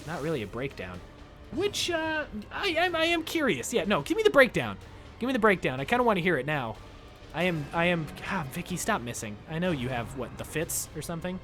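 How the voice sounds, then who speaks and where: A man streaming a video game, talking casually with his viewers in a loud, jokey, excitable way. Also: on the high side, a little fast, faint music behind. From United States. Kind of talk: casual live-stream commentary. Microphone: desk microphone.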